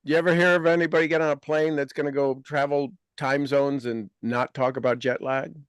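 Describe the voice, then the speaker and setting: Emphatic, blunt man, high voice. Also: brisk, smooth, no echo, studio quality. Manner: emphatic, blunt, animated coaching talk. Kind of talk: casual podcast conversation.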